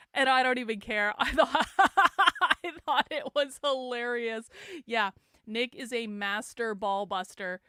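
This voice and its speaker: A hungover woman hosts her livestream in a chatty, animated way. Her voice sits high and sounds smooth and clear. The recording is dry and close, with no room sound. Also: no room sound. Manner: chatty and animated, laughs often. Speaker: show host. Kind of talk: casual livestream chat.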